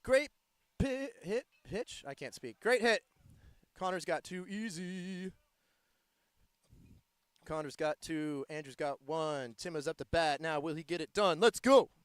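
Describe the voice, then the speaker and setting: A man from the United States giving live play-by-play commentary in a playful, joking, excitable manner. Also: a little high, measured pace, clear, resonant tone, no room sound. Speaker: sports commentator.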